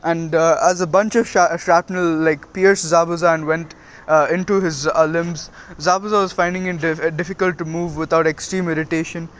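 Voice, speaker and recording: A man casually narrates a fan-made story, halting often and filling gaps. His voice sits slightly high for a man. The telling is loose and unscripted. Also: fairly even intonation. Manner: filler-heavy, halting.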